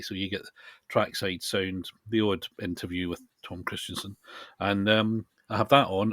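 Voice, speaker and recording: A man's voice: fairly low pitch, fairly bright tone, no echo. Chatty man, dry close sound. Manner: quick to laugh, teasing. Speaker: podcast co-host. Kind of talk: casual chat.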